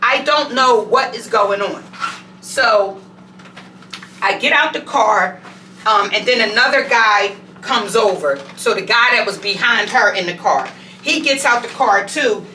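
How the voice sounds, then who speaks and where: A woman vlogger telling a story in an animated, conversational way at home. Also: medium pitch, unhurried, reverberant, far from the mic, slight background noise, rough recording. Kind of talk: storytime vlog. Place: home bathroom.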